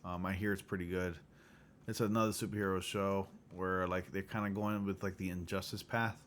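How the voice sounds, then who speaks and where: A man hosting a casual livestream chat, loose and profane, who often clears his throat. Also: sits low, little pitch movement, a little fast, a bit bright, a little hiss or hum. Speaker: livestream host.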